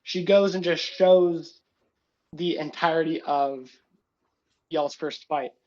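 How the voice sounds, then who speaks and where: A man narrating a tabletop game as game master in an animated way. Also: fairly high pitch, slow, dull audio. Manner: animated, lots of voices and asides.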